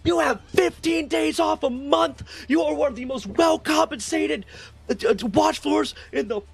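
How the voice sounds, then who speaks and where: A man voicing a short, stocky navy admiral who shouts and swears. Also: extremely high pitch, unhurried, gravelly, soft background music, voice pushed up, full character voice. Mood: furious yelling. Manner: shouting, profane.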